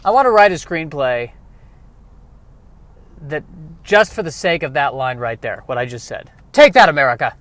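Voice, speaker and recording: A man riffing through a rambling comedic monologue, self-mocking, dropping quiet and then bursting louder. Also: fairly high pitch, expressive, measured pace, long pauses, dry recording.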